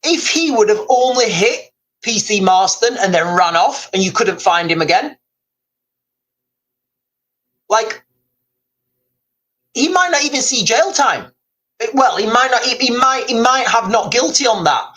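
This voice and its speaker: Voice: medium pitch, lively intonation, normal speed, fairly bright tone, poor audio. Rambling streamer, loose live chat with the audience, keeps saying "guys". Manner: rambling, repeatedly addressing viewers as guys. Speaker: livestreamer reading chat.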